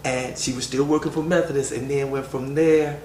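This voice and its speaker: A man's voice: medium pitch, fairly even intonation, brisk, a little mellow. Man reminiscing in an echoey room. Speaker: family member remembering his mother. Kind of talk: candid family conversation. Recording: roomy, distant mic, faint hiss.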